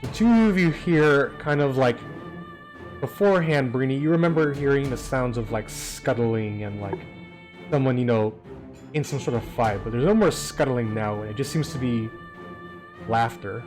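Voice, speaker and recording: A man's voice: mid-range voice, moderate pace. A man running a tabletop game as game master, describing scenes in a loose, rambling way with many hesitations. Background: soft background music.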